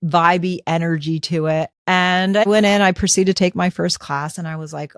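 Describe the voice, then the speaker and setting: A woman in her fifties hosting a podcast, telling a personal story in an animated, conversational way and acting out her own thoughts. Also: lowish voice, normal speed, hardly any pauses, smooth, dry recording, studio quality. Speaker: podcast host.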